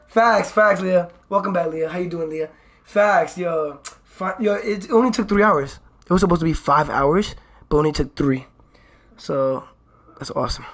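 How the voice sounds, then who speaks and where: A young man livestreaming in casual chat with his viewers, excitable and swearing a lot, swinging from loud outbursts to low mutters. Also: fairly quick.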